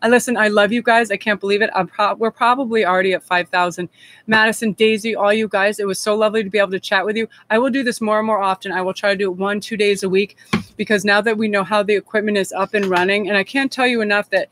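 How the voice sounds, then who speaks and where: A woman's voice: mid-range voice, steady tone, fast, a bit bright. A woman reading tarot on a live stream, talking in a gushing, heartfelt and rambling way. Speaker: tarot reader.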